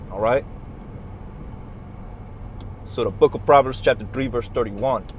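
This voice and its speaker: A man preaching a heated, profane religious rant inside a moving truck, recorded on a phone. He talks in a repetitive, confrontational way. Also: mid-range voice. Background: engine and road noise.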